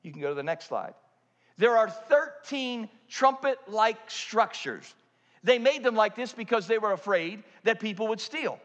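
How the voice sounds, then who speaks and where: A man with a high voice preaches a sermon, turning from loud and pressing to low and hushed. His voice carries a long reverb from a large church auditorium. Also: animated, unhurried, dull audio. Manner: dramatic, swings from loud to hushed. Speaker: pastor.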